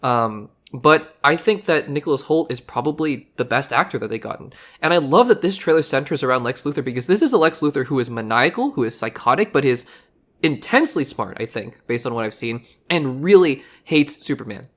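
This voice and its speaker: A hoarse podcast host talks through movie news in a casual, rambling way. The voice sounds worn after recently being lost, and the host often doubles back on words and repeats phrases. The delivery stays earnest throughout. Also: mid-range voice, animated, a little fast, fairly bright tone. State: hoarse from recently losing their voice.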